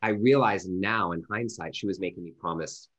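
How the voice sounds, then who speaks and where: A man's voice: low-pitched, moderate pace. A man in his thirties, an interview guest telling a personal story earnestly, with lots of fillers. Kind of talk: storytelling in conversation.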